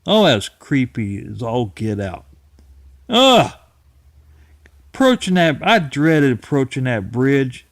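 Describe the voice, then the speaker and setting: A channel host in his 50s from the Ohio-Kentucky area tells a story in a slow, folksy casual monologue, rambling, chuckling and often restarting. His medium-pitched male voice is animated, recorded in clean studio sound with no echo.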